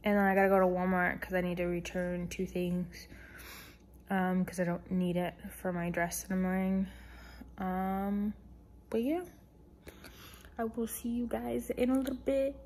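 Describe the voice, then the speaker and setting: A woman's voice: medium pitch, a little mellow, a little hiss or hum. A woman chatting casually to a phone camera at home in a rambling vlog, with lots of fillers. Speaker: vlogger.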